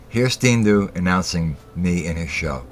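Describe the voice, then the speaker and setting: A man's voice: deep voice, lively intonation, takes it slowly, a little hiss or hum. A man hosting a casual livestream chat, giggling constantly and breaking into laughter mid-sentence. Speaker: livestream host.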